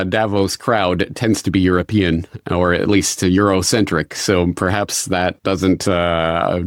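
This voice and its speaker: Middle-aged guy, lowish voice, measured talk, restarts a lot, dead dry mic. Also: no echo. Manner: measured, restarts phrases, occasional dry laugh. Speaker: interview guest. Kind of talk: conversational interview answers.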